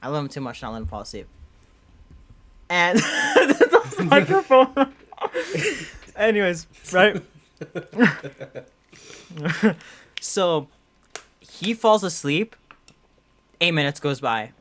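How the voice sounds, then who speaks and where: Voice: mid-range voice, very animated, slow, long pauses, fairly bright tone. A young adult podcast co-host telling a story in casual chat, rambling and full of "like" and restarts. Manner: rambling, heavy use of "like" and restarts.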